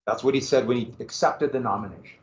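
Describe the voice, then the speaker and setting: A man's voice: medium pitch, quick pace. Male teacher lecturing in a roomy classroom. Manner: conversational, asides and questions to students. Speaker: history teacher. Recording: roomy, distant, dull classroom recording.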